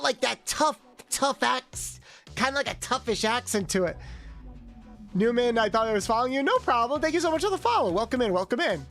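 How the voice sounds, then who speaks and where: A young woman with a fairly high speaking voice, chatting through a game stream as a VTuber. She rambles loosely with her viewers and swears freely. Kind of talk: casual gaming stream chat.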